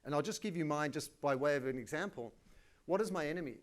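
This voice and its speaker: A middle-aged Australian man giving a live conference keynote, energetic and colloquial, with self-deprecating asides. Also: on the high side, fast talker. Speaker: keynote speaker.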